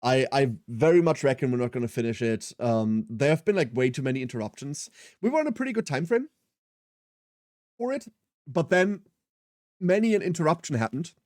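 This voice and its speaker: A man's voice: medium pitch, big pitch swings, fairly quick, a little mellow, no echo, studio quality. A man in his thirties streaming a game, chatting casually and rambling with self-mocking humour as he answers chat. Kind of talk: casual live-stream chat while gaming.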